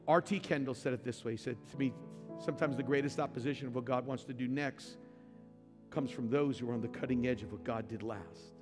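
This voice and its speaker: A man preaching a sermon to his church, moving from quiet asides to loud shouted climaxes. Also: mid-range voice, brisk. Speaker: pastor. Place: large church sanctuary. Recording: reverberant large hall with music behind.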